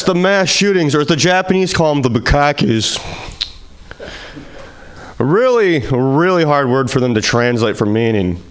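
A man doing a stand-up set at an open mic, wry and self-deprecating, on a stage microphone. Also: medium pitch. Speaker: stand-up comic.

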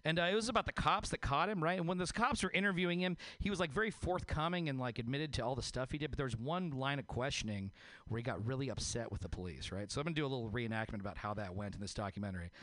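A man doing sarcastic, animated open mic stand-up on a stage mic. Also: medium pitch, fast, no echo. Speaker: stand-up comedian.

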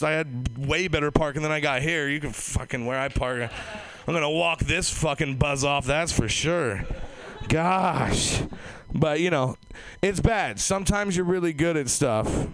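A man's voice: on the high side, a bit bright, clean tone, no room sound. A man doing stand-up comedy in an offhand way, swearing casually. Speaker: stand-up comic.

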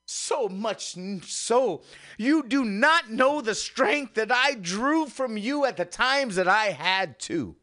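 A man with a very high, bright and sharp voice, hosting a radio talk show. He preaches in a fervent revival manner, dropping to soft murmurs and swelling back up. He sounds a little winded from the passion of it. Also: animated, takes it slowly. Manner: swings from hushed murmurs to rising revival-preacher exclamations. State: out of breath. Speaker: radio host. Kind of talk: impassioned preacher-style monologue.

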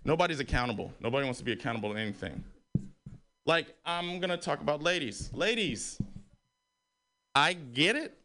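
A man doing a stand-up comedy set in a radio studio, animated and swearing freely, his voice climbing high when he gets worked up. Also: brisk, pauses often, soft background music. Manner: animated, swearing, rising to a high-pitched exclaim. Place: radio studio hosting a live comedy show.

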